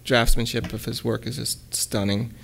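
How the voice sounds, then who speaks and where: A man giving a relaxed lecture at a college, hesitating often with ums and restarts and reading his own poems aloud. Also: medium pitch, moderate pace, gravelly. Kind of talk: casual lecture with poem readings.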